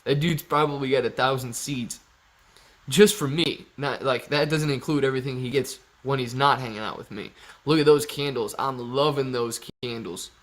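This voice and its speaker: A man's voice: medium pitch, normal speed, fairly bright tone. A man hosting a casual live stream, reading out viewer comments and greeting people by name in an upbeat way. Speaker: livestream host.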